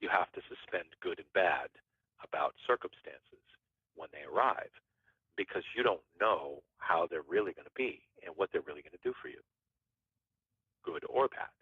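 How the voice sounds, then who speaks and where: Man, podcast guest, rambling storyteller, deep voice, husky, phone-line audio. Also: animated, moderate pace, dry recording. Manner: rambling, restarts phrases mid-thought. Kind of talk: casual storytelling. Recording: tinny phone-line sound.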